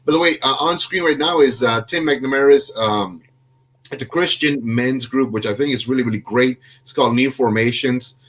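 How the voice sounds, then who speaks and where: A man's voice: mid-range voice, moderate pace, a bit bright. A man hosting a casual podcast over a video call, a little under the weather, joking at himself and rambling with lots of fillers. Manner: jokey, self-deprecating, rambling with many fillers. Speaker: podcast host.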